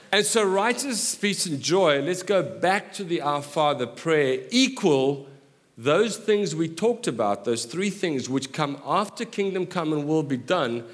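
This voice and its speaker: A middle-aged male pastor preaching with a slightly higher voice than most men. He is animated and jokes with the congregation in quick asides, moving between earnest points and laughter. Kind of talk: sermon.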